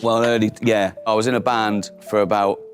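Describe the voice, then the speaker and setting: A man's voice: on the low side, little pitch movement, brisk, faint music behind. Man telling stories with a laugh. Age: middle-aged. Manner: anecdotal, mimics others in quoted voices, laughs often. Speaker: comedian guest. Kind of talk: casual storytelling chat.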